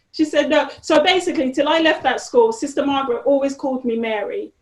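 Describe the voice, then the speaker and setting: Animated woman in an echoey room. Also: high-pitched, brisk. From Nigeria. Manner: animated storytelling with frequent "you know". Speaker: guest. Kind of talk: conversational interview.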